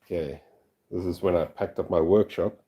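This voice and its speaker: A man's voice: sits low, steady tone, normal speed, dull audio. A man from South Africa with a South African accent, chatting casually on a livestream as he packs fossils, easily delighted and laughing often. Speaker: fossil collector and channel host. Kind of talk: casual livestream chat while packing.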